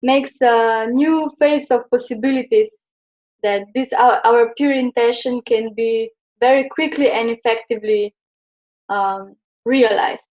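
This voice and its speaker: A woman's voice: a little high, unhurried. A young woman from Slovenia teaching Chinese pronunciation in a classroom, explaining hesitantly with many fillers. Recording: dull lo-fi classroom recording.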